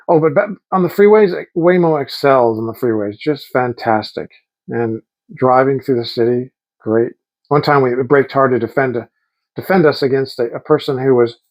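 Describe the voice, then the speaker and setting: With a muffled recording and a medium-pitched voice, a middle-aged man shares meandering, enthusiastic tales on his vlog, imitating the voices of the people he quotes.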